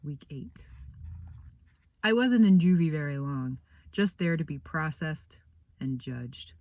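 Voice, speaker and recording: A woman author reading her own children's novel aloud with an expressive, dramatic storytelling delivery. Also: deep voice, slow pace, long pauses, no room sound.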